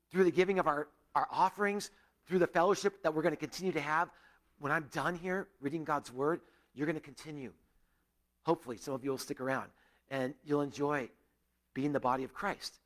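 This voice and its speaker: A man preaching in church with an earnest, pastoral delivery. His voice sits a touch higher than most men's, and he swings from forceful emphasis down to soft, low murmurs. He speaks to a gathered congregation. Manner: earnest, swinging between raised emphasis and hushed, low passages. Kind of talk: sermon.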